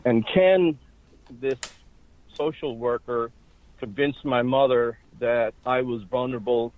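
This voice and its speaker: A man interviewed as a guest, recounting his personal history in a halting way, pausing and restarting his phrases. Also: medium pitch. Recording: tinny phone line.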